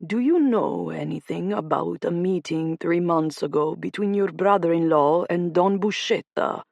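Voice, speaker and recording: A woman voicing an older Sicilian crime boss with an Italian accent, speaking slowly and coldly. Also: fairly low pitch, creaky, a little mellow, no echo. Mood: menacing. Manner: slow, deliberate, commanding.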